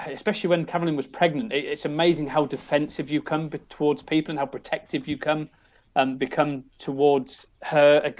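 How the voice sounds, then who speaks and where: Middle-aged English man, podcast guest, chatty and rambling, mid pitch. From England. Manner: rambling, many restarts and "you know"s. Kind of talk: casual storytelling.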